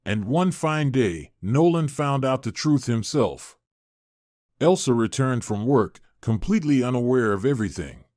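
A man reading a story aloud in a measured, even manner. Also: mid-range voice, no echo, studio quality. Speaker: narrator. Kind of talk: scripted narration.

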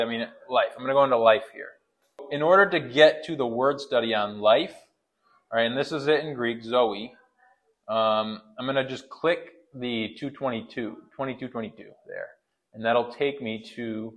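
A man at an average pitch walks through study software like a friendly teacher. He talks in a loose, off-the-cuff way, often restarting his sentences and filling gaps with ums. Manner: relaxed, rambling, many fillers and restarts. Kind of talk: casual screen tutorial.

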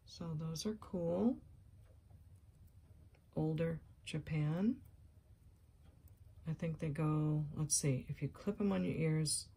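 A woman's voice: deep voice, slow, long pauses, slightly rough. A woman vlogger with a scratchy voice, chatting casually and gushing as she shows off thrifted jewelry, sometimes dropping to a near-whisper. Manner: gushing, excited exclamations. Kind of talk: casual show-and-tell chat.

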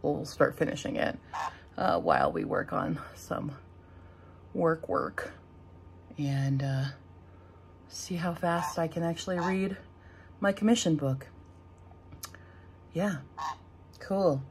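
A young woman, hoarse from a sore throat, chatting in a rambling, wry way in a casual vlog at home. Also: low-pitched, expressive, slow, long pauses, slight background noise. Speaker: vlogger. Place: at home indoors.

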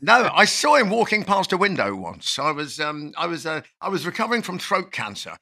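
A man's voice: a little high, very animated, a little fast, pushed and bright. A man from the English Midlands hosting a podcast, chatting in a rambling, sweary, boisterous way. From Nottinghamshire, England. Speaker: podcast host. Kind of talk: casual chat.

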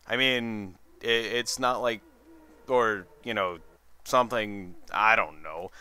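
A man's voice: on the low side, animated, slow pace, pushed and bright, no echo. A tired man doing rambling, sarcastic commentary over a video game. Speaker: let's play commentator.

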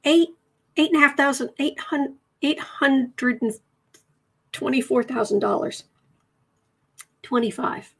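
A woman's voice: high voice, measured pace, long pauses, husky. A woman hosting a casual tarot livestream, reading viewer comments aloud and chatting in a rambling, self-correcting way.

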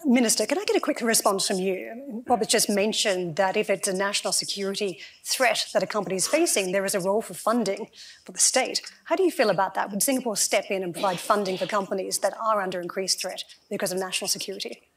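A woman news anchor moderates a panel discussion, putting polished, direct questions to the guests. Her delivery is practiced and clear, at a mid pitch for a woman. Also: quick pace.

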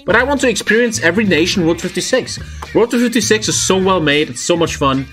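A man's voice: high-pitched, animated, fast talker, a bit bright, faint music behind. A man streaming a strategy game, joking crudely and swearing often. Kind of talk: live game stream commentary.

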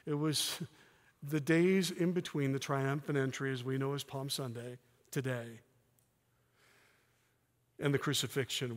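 A middle-aged man giving a sermon with personal testimony in a church, earnest and candid, with soft self-deprecating laughs. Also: a little high. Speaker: guest preacher. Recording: long reverb of a church hall.

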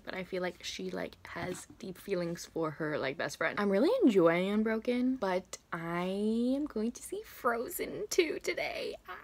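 A woman's voice: mid-range voice, lively intonation, unhurried, gravelly. A woman, chatting casually and gushing in a book vlog filmed on her phone. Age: 20s. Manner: gushing, lots of "like", laughs easily. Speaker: book vlogger.

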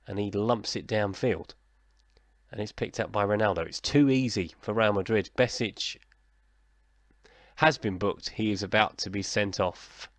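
Male gaming commentator: low gravelly voice, dry close mic, chatty and self-mocking. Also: measured pace, no room sound. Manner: chatty, self-deprecating, mock commentator, talking to himself. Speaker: gaming YouTuber. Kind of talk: casual let's-play commentary.

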